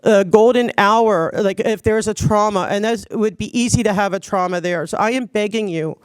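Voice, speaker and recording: A woman from Los Angeles giving a public comment at a city commission meeting, choked up and tearful, pleading earnestly with halting restarts. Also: mid-range voice, clear, resonant tone, dry recording.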